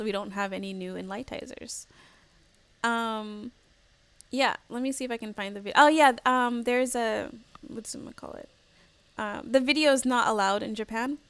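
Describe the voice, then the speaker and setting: Young US woman hosting a casual livestream, chatty with lots of laughs, slightly high voice, dry close sound. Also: fairly bright tone, smooth, no room sound. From United States. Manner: chatty, laughing, acts out angry quotes. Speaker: livestream host.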